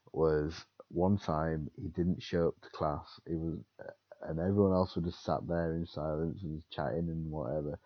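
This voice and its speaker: A young man co-hosting a casual chat, telling animated stories and acting out quotes. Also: a bass voice, slightly rough, no echo, highs cut off. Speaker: podcast co-host.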